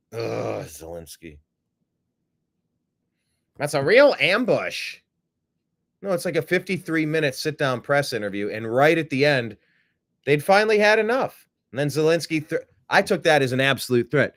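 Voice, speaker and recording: A man's voice: mid-range voice, very animated, normal speed, a bit bright. Sarcastic man hosting political commentary. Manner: sarcastic, mocking. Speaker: host.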